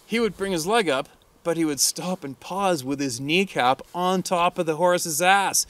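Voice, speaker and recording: A man's voice: a little high, measured pace, dry recording. A middle-aged man, a hunting guide, telling a crude story casually and laughing often. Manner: laughs often, crude and animated when quoting.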